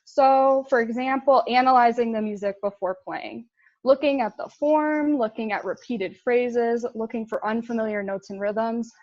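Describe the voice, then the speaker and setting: A woman's voice: fairly high pitch, moderate pace, a little mellow, dry recording, lo-fi sound. A young woman giving a casual intern presentation, chatty, with fillers and laughs at her own slips.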